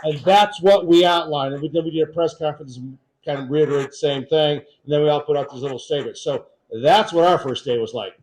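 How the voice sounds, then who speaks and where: Male panelist, higher register, animated storyteller. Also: a little fast, hardly any pauses, rough recording. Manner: animated anecdote with quoted asides. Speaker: state representative.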